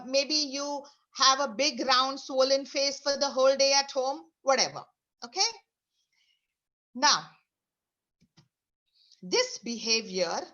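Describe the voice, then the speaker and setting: A woman running an online motivational session on a video call guides her listeners through exercises, giving instructions again and again. She has a high, fairly bright voice, though the audio sounds dull.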